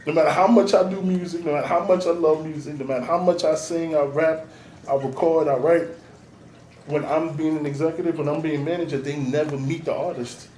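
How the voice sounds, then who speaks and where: Blunt, streetwise man, slightly high voice, slightly off-mic in a roomy space. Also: steady tone, fairly quick, dark tone. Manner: blunt, streetwise, profane, emphatic. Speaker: artist and DJ manager, guest. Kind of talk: casual interview talk. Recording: roomy, noisy, mic at a distance.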